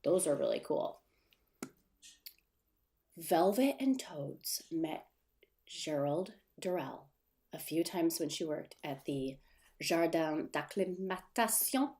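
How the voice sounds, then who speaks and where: A woman's voice: sits low, lively intonation, slow pace, vocal fry, long pauses, dark tone. Chatty woman hosting a casual livestream. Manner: chatty, rambling, reads viewer comments aloud; laughs at her own stumbles. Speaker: livestream host. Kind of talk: casual live-stream chat. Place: at her desk at home.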